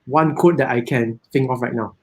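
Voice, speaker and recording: Malaysian male guest, husky mid voice, rambling, restarts a lot. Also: mid-range voice, moderate pace, poor audio. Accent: Malaysian English. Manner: rambling, many restarts and "I mean to say". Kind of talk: casual live interview chat.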